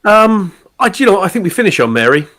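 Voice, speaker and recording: A man's voice: high-pitched, sing-song, fast talker, pushed and bright. A man hosting a radio show, chatting casually in a teasing, jokey way. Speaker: radio host. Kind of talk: casual radio interview chat.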